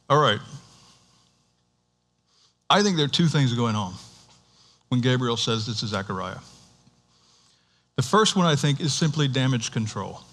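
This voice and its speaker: A man preaching in church with a middle-pitched voice. He talks to the congregation like it's a chat, with asides and restarts, and his voice lifts when a point excites him. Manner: conversational, animated, with restarts and asides. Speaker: pastor. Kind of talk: sermon.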